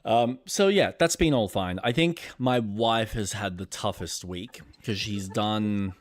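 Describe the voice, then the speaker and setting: A man's voice: on the low side, measured pace, no room sound. A young man co-hosting a casual chat stream, swearing freely and acting out the people in his stories. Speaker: podcast co-host.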